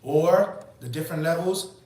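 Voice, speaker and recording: A man's voice: a little high, moderate pace, a little mellow. A man in his forties giving an emphatic Islamic lecture, asking rhetorical questions and answering them himself. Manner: emphatic and preachy. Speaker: Islamic teacher. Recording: very echoey room, mic far off.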